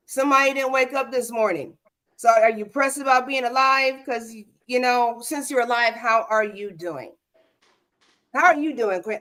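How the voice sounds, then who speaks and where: A woman's voice: fairly high pitch, a little slow, fairly bright tone. Woman host, casual livestream chat, speaks straight to her viewers. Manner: addresses viewers directly, keeps asking "okay?".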